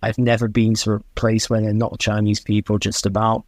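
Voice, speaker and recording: Podcast guest: man, lowish voice, thoughtful and self-deprecating, dry close mic. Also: monotone, a little fast, a little mellow, no room sound. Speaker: guest, Chinese teacher. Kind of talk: podcast interview.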